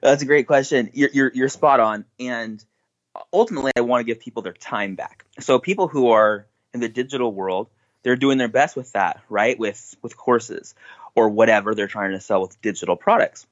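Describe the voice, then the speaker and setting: A man's voice: medium pitch, moderate pace. Upbeat male entrepreneur guest, casual chat, muffled lo-fi recording. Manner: upbeat and enthusiastic.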